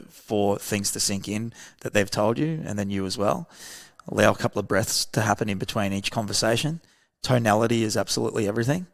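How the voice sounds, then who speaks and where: With a fairly low, gravelly voice, an Australian podcast guest, the founder of a veteran program, talks earnestly in casual interview conversation. Now and then he acts out short back-and-forth exchanges.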